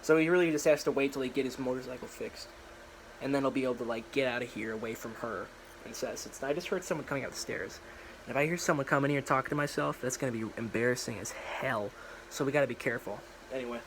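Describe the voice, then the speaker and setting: A man's voice: medium pitch, a little hiss or hum, rough recording. A young man casually rambling through his own story idea in a slangy, filler-heavy monologue, recorded in a small room at home.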